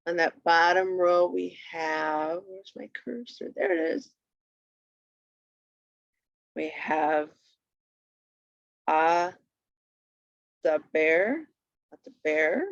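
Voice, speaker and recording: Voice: medium pitch, slow, gravelly, pauses often, a bit bright, no room sound. A patient teacher walking through a Hebrew primer on a shared screen, repeating each word twice for the learner. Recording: dull lo-fi recording.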